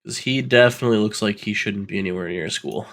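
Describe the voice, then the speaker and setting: Forceful low-voiced man joking around. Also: fast. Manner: joking, swears freely. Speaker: podcast co-host. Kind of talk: casual chat.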